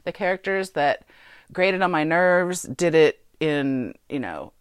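A woman with a notably low voice, recorded dry and close, co-hosts a relaxed film discussion. She talks emphatically, repeating words for stress and filling pauses with "um." Her delivery is animated and opinionated. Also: smooth, no echo. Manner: animated, emphatic, many fillers and repetitions. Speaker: podcast co-host. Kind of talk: casual movie review chat.

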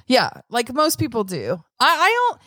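A woman's voice: fairly high pitch, wildly swooping pitch, moderate pace, pushed and bright, dry recording. A woman co-hosting a podcast in casual chat, playful and teasing, with lots of fillers. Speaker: podcast co-host.

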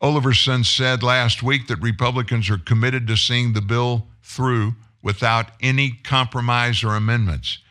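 A man's voice: mid-range voice, steady tone, moderate pace, hardly any pauses, bright, forceful tone. A male news host reading political stories and then editorializing in a sarcastic, indignant way. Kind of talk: news reading and opinion commentary.

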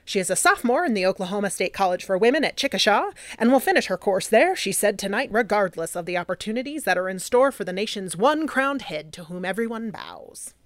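A woman's voice: mid-range voice, expressive, fairly quick, hardly any pauses, dry recording, studio quality, natural voice. A woman voicing an old-timey 1920s newspaper announcer, grand and formal.

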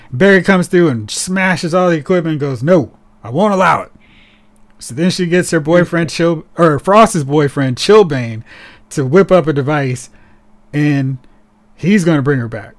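A man co-hosting a casual podcast, talking in an animated, sarcastic way and slipping into mocking voices. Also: a little high. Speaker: podcast co-host. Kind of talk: casual chat.

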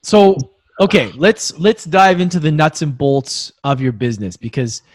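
A man hosting a casual interview, encouraging and enthusiastic. His voice sits a little on the higher side. The sound is dry and close, with no room around it. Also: animated, moderate pace, no room sound. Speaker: podcast host.

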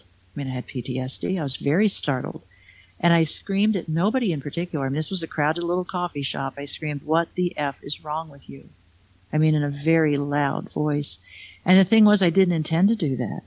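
A woman's voice: deep voice, no room sound. A middle-aged woman, an author, telling a personal story in a candid, conversational way with wry asides. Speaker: author and speaker.

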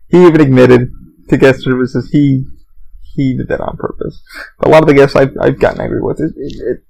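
Gravelly-voiced man rambling casually. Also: fairly high pitch, darkish tone, muffled recording. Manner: profane, meandering storytelling. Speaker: podcast host.

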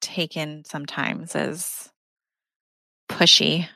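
A woman hosting a casual conversation, agreeable and relaxed as she tells a story. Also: low voice, takes it slowly, vocal fry, dry recording.

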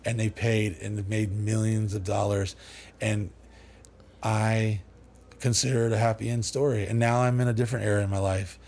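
A man's voice: fairly low pitch, level tone, normal speed, creaky, a little mellow. Rambling, foul-mouthed man telling stories. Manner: rambling, profane, with many fillers and restarts. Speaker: guest. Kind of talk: casual storytelling.

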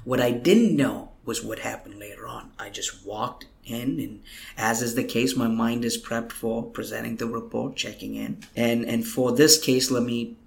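Man, minister, gravelly, earnest testimony, drops to a whisper. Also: medium pitch, steady tone, moderate pace. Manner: earnest, emotional storytelling, drops to a whisper at times. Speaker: guest minister. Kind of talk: testimony in a podcast interview. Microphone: computer microphone.

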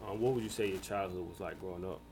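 Low-voiced man hosting a podcast. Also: fast, slight background noise, low-quality recording. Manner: relaxed and reassuring, loose with fillers. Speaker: podcast host. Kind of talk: casual interview.

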